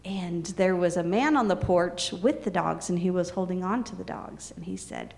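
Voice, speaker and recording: A woman telling a serialized story in an unhurried, soft-spoken way. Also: on the low side.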